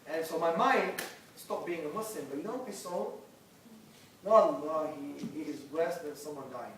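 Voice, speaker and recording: A man telling a personal conversion story to an audience in emphatic bursts, switching between hushed and loud. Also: on the high side, moderate pace, slight background noise. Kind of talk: animated personal testimony to a live audience. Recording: echoey hall, picked up from a distance.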